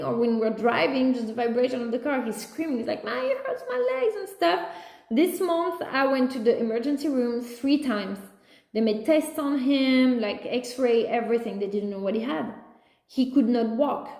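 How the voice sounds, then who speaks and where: At home with a small dog, a mother talks casually about her life in a little high, mellow voice, recorded in an echoey room. Chatty and rambling, she restarts often and acts out other people's voices, including her son's, while sharing personal views.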